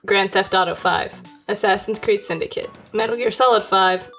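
A woman co-hosting a casual gaming podcast, reading out deals in a deadpan, wry way. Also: medium pitch, normal speed, faint music behind. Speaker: podcast co-host. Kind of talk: casual chat.

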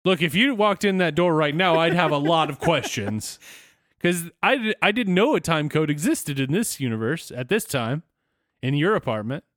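A man's voice: fairly high pitch, animated, normal speed, a bit bright, no room sound, studio quality. A man co-hosting a podcast in casual chat, playful and riffing on jokes as he goes. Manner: playful, riffs and trails off into jokes. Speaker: podcast co-host. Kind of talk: casual episode recap chat.

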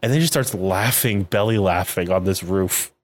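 A man's voice: low voice, moderate pace. A man co-hosting a podcast in casual chat, recapping a show with jokes, laughing often and acting out characters' lines. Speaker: podcast co-host.

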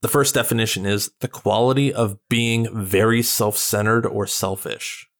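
A man's voice: lowish voice, fairly even intonation, a bit bright. Hesitant man podcast co-host. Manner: halting, hesitant with restarts. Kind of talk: casual chat, reading definitions.

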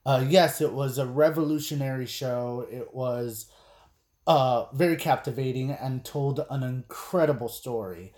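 A man's voice: mid-range voice, unhurried, darkish tone. A man co-hosting a podcast, speaking in an earnest, reflective way. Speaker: podcast co-host. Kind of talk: casual chat. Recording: roomy, echoey room.

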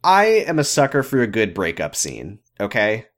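A man co-hosting a casual recap podcast, swearing freely and correcting himself as he goes. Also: on the low side. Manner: animated, swearing, quick self-corrections. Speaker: podcast co-host.

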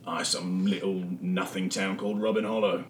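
A man voicing a rude, gruff male thug captain in a tabletop game. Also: low-pitched, little pitch movement, normal speed, pitched below the performer's own voice, lightly acted. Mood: dismissive. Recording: echoey room, mic far off, faint noise.

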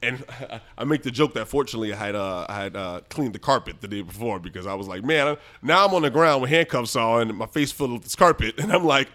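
Fast-talking, animated young man. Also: mid-range voice. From the Bronx, New York. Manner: laughs often, acts out his own quotes loudly. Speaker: podcast guest. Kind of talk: animated storytelling.

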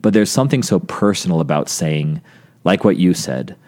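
A man's voice: deep voice, lively intonation, moderate pace, darkish tone. A man speaking earnestly about faith in a reflective podcast conversation, often restarting his sentences.

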